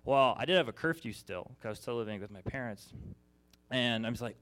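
A man's voice: mid-range voice, fairly quick, fairly bright tone. A young man in his twenties giving a casual church sermon, telling a funny personal story with lots of fillers and asides. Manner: chatty, self-deprecating storyteller with many fillers. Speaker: preacher. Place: church service.

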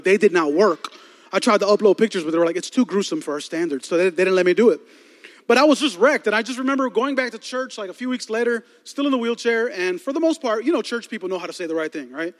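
A man's voice: high-pitched, quick pace. A man preaching a sermon as a pastor, telling comic stories with asides to the congregation. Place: large church hall. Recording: long hall reverb.

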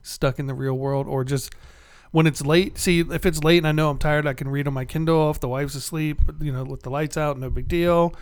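Podcast guy talking fast, slightly high voice, acts out everyone in his stories. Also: smooth. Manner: animated storyteller, acts out quoted voices. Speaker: podcast co-host. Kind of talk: casual chat.

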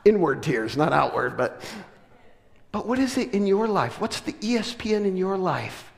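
A middle-aged man from the US West Coast, preaching a sermon and telling a personal story with animated, self-deprecating humor. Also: high voice, moderate pace, gravelly. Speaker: pastor. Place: church sanctuary. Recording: long reverb of a large church hall.

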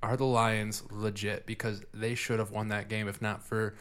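A laid-back man hosts a casual podcast, chatting loosely and breaking into easy laughter. His talk rambles comfortably between topics, with filler and restarts typical of relaxed conversation. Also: on the low side, moderate pace, clear, resonant tone. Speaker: podcast host. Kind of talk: casual chat.

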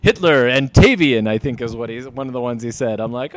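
A man co-hosting a podcast, casually recapping an episode, laughing often and acting out lines in quick voices. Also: mid-range voice, a little hiss or hum. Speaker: podcast co-host.

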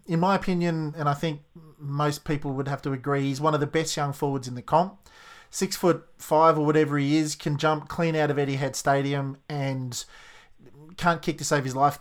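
A man's voice: a little high, a bit bright. A man hosting a radio chat, opinionated and openly worried like a passionate fan. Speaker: radio host.

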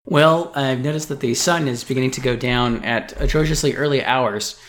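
A man co-hosting a podcast in casual chat, speaking in a measured, thoughtful way. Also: mid-range voice, a bit bright. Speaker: podcast co-host.

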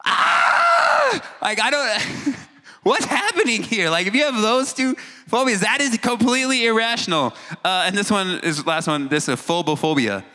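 A man's voice: fairly high pitch, bright, forceful tone. A man giving a casual, joking talk to a teen audience, acting out reactions and stumbling over long words. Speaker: youth speaker. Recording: hall reverb.

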